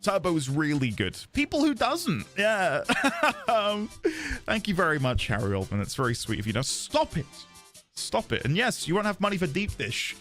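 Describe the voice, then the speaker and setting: British man, game streamer, casual chat, animated, soft game music behind. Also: fairly high pitch. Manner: chatty, self-deprecating, quick to laugh.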